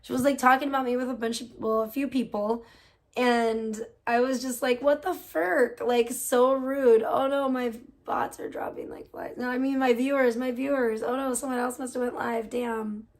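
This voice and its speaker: A woman's voice: fairly high pitch, flat delivery, normal speed. A woman hosting a casual livestream, gossiping and reacting to chat, swearing freely. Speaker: livestream host.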